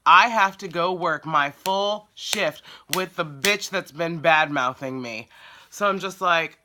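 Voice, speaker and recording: A woman's voice: on the low side, takes it slowly, background noise. A woman who works as a dog groomer tells a story in a casual vlog, blunt and exasperated as she vents.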